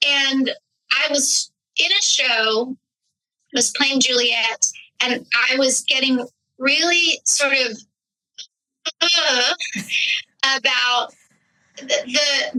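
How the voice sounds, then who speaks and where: A woman's voice: high-pitched, sharp tone, rough recording. A woman, a stage actress and director, recalls her mentors on a podcast in a reflective, storytelling way. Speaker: actress, writer and director guest. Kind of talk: podcast interview.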